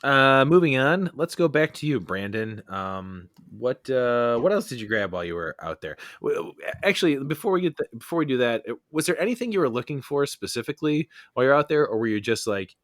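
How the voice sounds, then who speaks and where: A man's voice: medium pitch, big pitch swings, a little fast, hardly any pauses, no echo, clean studio sound. A man hosting a casual podcast chat about beer, laughing often and talking with plenty of fillers and restarts. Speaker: podcast host. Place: Chicago area.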